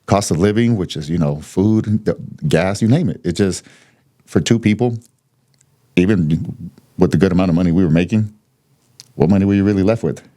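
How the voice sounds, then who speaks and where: A man's voice: sits low, normal speed, long pauses, mellow. A man in his thirties from the United States, a podcast guest telling his story candidly, blunt and swearing freely, with laughs between points.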